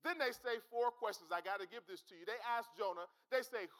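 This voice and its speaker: A male pastor preaching in a church with a very high, bright, piercing voice. He speaks fervently and repeats phrases for emphasis. He calls out directly to his congregation. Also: fairly quick, hardly any pauses, rough recording. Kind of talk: sermon.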